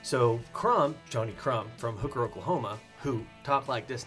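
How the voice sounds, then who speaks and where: Casual podcast co-host, male, lively storyteller with a middle-pitched voice, faint music underneath. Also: fast talker, few pauses. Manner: animated storyteller, mimics voices, lots of fillers. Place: living room.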